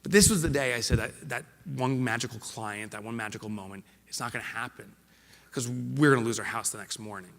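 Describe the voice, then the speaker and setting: Keynote speaker, man, middle-aged, bright voice, big reverberant hall, swings from loud to hushed. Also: mid-range voice, a little fast, creaky. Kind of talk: motivational stage speech. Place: large hall before a live audience.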